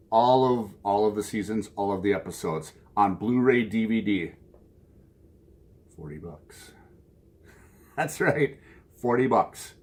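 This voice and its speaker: A man from Minnesota with a Minnesota accent, talking casually to camera from his home music room, rambling and chuckling at his own asides. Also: on the low side. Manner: rambling, chuckles often, self-mocking asides. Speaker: vinyl collecting vlogger.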